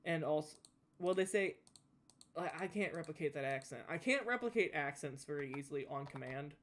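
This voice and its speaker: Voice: medium pitch, animated, brisk, fairly bright tone, a little hiss or hum. A young adult with a Southern US accent, chatting casually while playing a game and rambling with lots of restarts. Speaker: gaming YouTuber. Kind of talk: casual chat while gaming.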